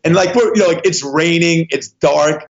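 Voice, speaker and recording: A man speaking as a podcast guest, animated and lively, voicing the people in his story as he goes. The audio sounds a little dull and lo-fi. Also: on the high side, normal speed, creaky. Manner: animated, acts out dialogue in voices. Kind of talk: storytelling interview talk.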